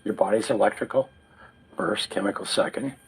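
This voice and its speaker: A man's voice: on the low side, moderate pace, husky, poor audio. A man being interviewed, explaining a technical idea step by step in a lecturing way. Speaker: interview guest.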